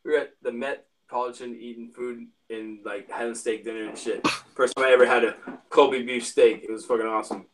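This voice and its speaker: A man spins a long, rambling, profanity-laced story in casual talk. His voice sits at an ordinary middle pitch. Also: brisk, slight background noise. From Spokane, Washington area. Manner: rambling, profane, animated retelling. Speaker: musician telling stories.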